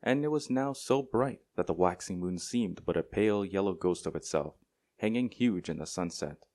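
Deep-voiced male audiobook narrator. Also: animated, normal speed, darkish tone. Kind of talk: scripted narration.

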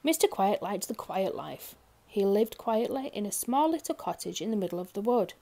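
A woman reading a children's picture book aloud, expressive and talking directly to young listeners. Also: mid-range voice, normal speed, vocal fry. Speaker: storyteller. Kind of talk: children's story read-aloud.

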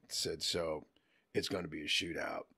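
A middle-aged man telling a story in a casual chat, animated and profane, acting out the people he quotes. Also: very deep voice, moderate pace, husky. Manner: animated, swearing, acts out quotes in other voices. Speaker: podcast guest.

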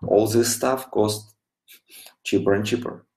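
A man with a Russian accent hosting a live video broadcast, speaking earnestly in non-native English with many "you know"s, keeping his voice quiet. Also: on the low side, steady tone, a little slow, roomy sound, poor audio. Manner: speaking quietly so a child can sleep. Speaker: studio representative addressing viewers. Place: home studio.

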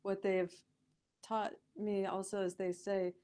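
Woman guest on a podcast, middle pitched voice, chatty storytelling, lots of likes and you knows, laughs a lot. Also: slow, smooth. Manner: animated, laughs often, lots of "like" and "you know". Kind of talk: conversational storytelling.

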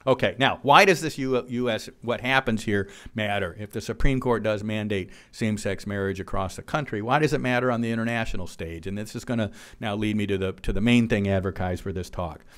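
A man giving an earnest policy presentation to a live audience in a room, reading quotes aloud and pausing on frequent fillers. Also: on the low side, a bit bright. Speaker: policy speaker.

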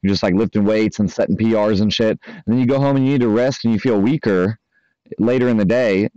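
Man, coach type, loose casual monologue, lowish voice, dry dull lo-fi sound. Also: brisk, mellow, no room sound. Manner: loose and conversational, heavy fillers and swearing. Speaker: spiritual coach. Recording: dry, slightly dull lo-fi audio.

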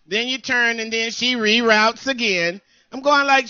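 A woman co-pastor preaching a sermon in an emphatic call-and-response style, often pausing for her congregation to answer. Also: a little high, bright, forceful tone, no echo, muffled recording.

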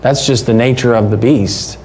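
A man's voice: mid-range voice, steady tone, normal speed, darkish tone, slight background noise. A man, preaching a sermon as a pastor in a conversational, folksy way with rhetorical questions. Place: church.

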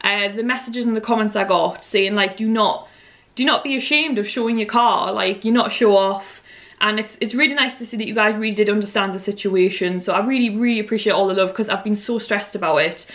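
A woman's voice: medium pitch, a little fast, fairly bright tone. A young woman chatting casually to camera in a vlog, rambling with fillers, her voice a little worn. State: slightly losing her voice. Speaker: vlogger.

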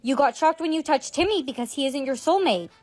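A woman's voice: high-pitched, animated, fairly quick, darkish tone, soft background music. A woman playing a friend and teacher in a comedy skit, coaxing and matter-of-fact.

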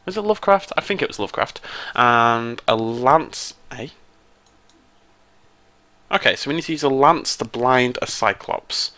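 British male gaming host, bouncy animated delivery, excitable with squealing highs. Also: a little slow, pauses often. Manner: excitable, jumps into high squeals when surprised or delighted. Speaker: let's play host. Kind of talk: casual gameplay commentary.

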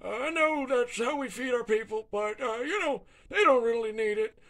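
A man voicing a greedy, boastful dictator who bosses people around and bursts into shouting. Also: very high voice, lively intonation, moderate pace, exaggerated voice. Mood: pompous. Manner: bossy, breaks into shouting tantrums.

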